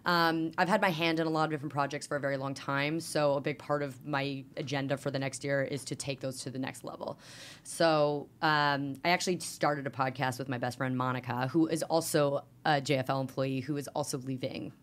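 A young woman, a stand-up comedian chatting as a podcast guest, animated and swearing freely. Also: very deep voice, fairly quick. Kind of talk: casual podcast chat.

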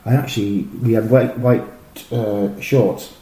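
A middle-aged man, a former footballer, telling animated, rambling stories full of fillers and restarts. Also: lowish voice, measured pace. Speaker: former professional footballer, guest. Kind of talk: casual anecdotal storytelling. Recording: roomy echo with faint noise.

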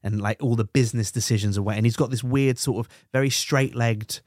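A man's voice: medium pitch, steady tone, fast, a little mellow, no echo, studio quality. A man co-hosting a podcast in casual chat, running through results with jokes. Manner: jokey, runs through race results with silly voices. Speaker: podcast co-host.

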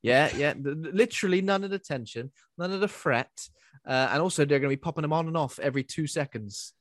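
A man's voice: a little high, animated, fast, dry recording, studio quality. A man co-hosting a casual film review chat, making sarcastic, mocking remarks. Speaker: podcast co-host.

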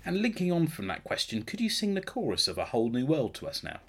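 A man from England hosting a podcast, playfully teasing his guest with quickfire questions. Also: fairly high pitch, wildly swooping pitch, breathy edge. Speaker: podcast host. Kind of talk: casual interview hosting.

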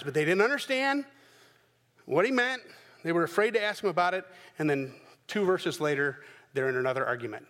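High-voiced preacher in a reverberant hall. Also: male voice, fast talker. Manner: animated storytelling, acting out the characters' voices. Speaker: pastor. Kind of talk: sermon.

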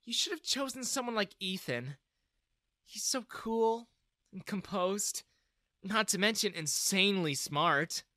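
Man voicing a sassy, dismissive young daughter, high-pitched. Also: animated, measured pace, bright, forceful tone, no room sound, studio quality, heavily acted.

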